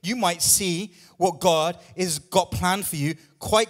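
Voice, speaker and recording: A man's voice: sits high, takes it slowly, faint music behind. A man preaching a sermon in church, emphatic and repetitive, at times out of breath. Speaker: pastor.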